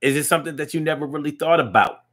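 A man with a fairly high, fairly bright voice talks rapid-fire while hosting a casual live-stream talk show. He chats loosely in slang, restarts often, and reads viewer comments out loud.

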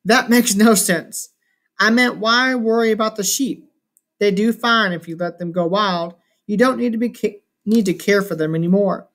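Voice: medium pitch, normal speed, fairly bright tone, natural voice. A reader voicing an anxious, overprotective mother who scolds the children insistently in a story reading. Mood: urging.

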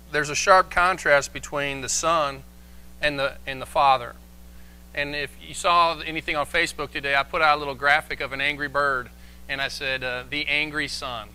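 A man preaching a sermon as pastor, animated and acting out the voices he quotes. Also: on the high side. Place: church, live stream.

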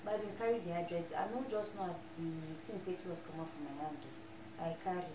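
An actress playing a brash young Nigerian woman just arrived in America, speaking with a Nigerian Pidgin accent and boasting loudly. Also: lowish voice, fairly even intonation, a little fast, lightly acted. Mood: pleading. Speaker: newly arrived immigrant. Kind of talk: film acting. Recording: echoey room, faint noise.

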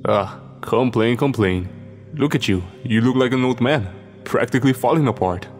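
A man voicing a middle-aged male archaeologist, an old friend, speaking in a quieter, hushed way. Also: medium pitch, normal speed, soft background music, natural voice. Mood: teasing.

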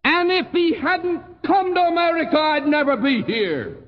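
An older man with a Texan accent preaching a sermon in a folksy, emphatic way, his voice swooping high on key phrases and dropping low. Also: animated, measured pace, long reverb tail, lo-fi sound. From Texas. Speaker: pastor.

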